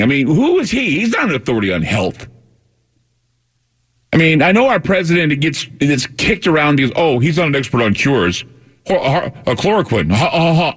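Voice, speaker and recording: A man's voice: a little high, fairly bright tone, breathy edge. A man hosting a talk radio show, delivering a combative, sarcastic monologue.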